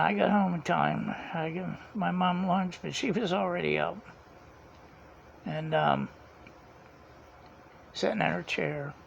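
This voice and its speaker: Gravelly high-voiced man rambling. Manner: rambling, chuckles often, retells dialogue. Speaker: vlogger. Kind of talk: casual storytelling. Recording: dull lo-fi sound, faint background hiss.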